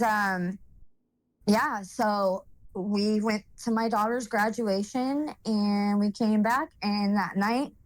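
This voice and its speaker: A woman's voice: medium pitch, dry recording. A woman speaking as a guest and telling a personal story in a blunt, rambling way, with lots of fillers and swearing.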